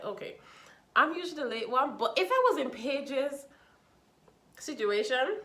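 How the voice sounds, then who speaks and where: A young woman chatting casually as she reviews a reality show, sassy and animated, acting out what people said with mocking asides. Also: fairly high pitch, reverberant.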